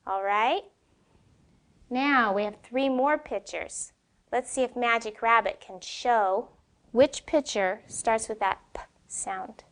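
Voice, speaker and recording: A woman teaches phonics to young children in a slow, drawn-out way. Her voice sits a little high. She keeps checking in with her listeners through questions.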